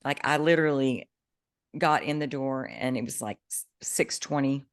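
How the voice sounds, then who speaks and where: A woman co-hosting a podcast, chatting casually and telling an animated story with bursts of excitement. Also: extremely low pitch, moderate pace, no room sound, studio quality. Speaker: podcast co-host, coach. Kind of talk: casual chat.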